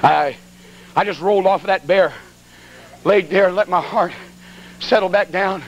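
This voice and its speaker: Excitable folksy preacher, high-pitched and gravelly. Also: male voice, normal speed, dull audio, slight background noise. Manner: folksy, animated storyteller with sound effects. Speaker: evangelist preacher. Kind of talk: storytelling sermon.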